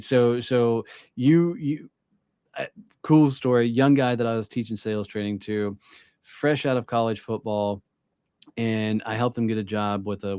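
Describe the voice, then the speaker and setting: A blunt man in the guest chair of a sales podcast, swearing as he tells his stories. His voice sits at an ordinary pitch for a man. The sound is dry and close, with no room around it. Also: a little mellow, no echo. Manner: blunt storyteller, swears freely. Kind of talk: casual podcast conversation.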